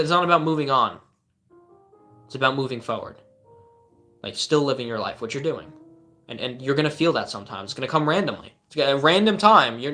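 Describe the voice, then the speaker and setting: Male life coach, mid-pitched, easygoing live-stream advice voice, faint music behind. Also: bright, forceful tone. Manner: casual and earnest, frequent "like" fillers and restarts. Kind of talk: live advice stream reading chat questions.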